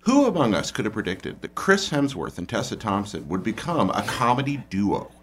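A man's voice: fairly low pitch, big pitch swings, moderate pace, fairly bright tone, slightly rough. A man joining a casual chat, talking eagerly and gushing.

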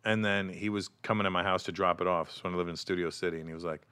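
Bright-voiced man telling animated stories. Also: sits low, quick pace, clean tone. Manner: animated, acts out quotes in other voices. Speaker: guest. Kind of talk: casual storytelling chat.

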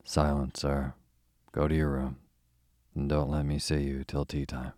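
A man's voice: rumbling low, monotone, a little slow, mellow, no echo, clean studio sound. A man reading the lines of a stern, strict middle-aged father in a bedtime storybook, in a commanding tone.

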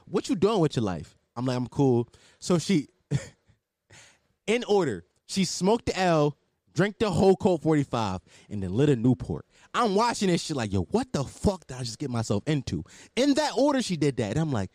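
Man, casual storyteller, profane, animated, swooping pitch, dry sound. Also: normal speed, dry recording.

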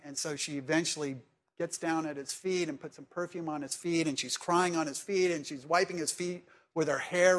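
A man preaching a sermon in a conversational way, asking his listeners direct questions and moving between emphatic and hushed delivery. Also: fairly high pitch. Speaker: pastor.

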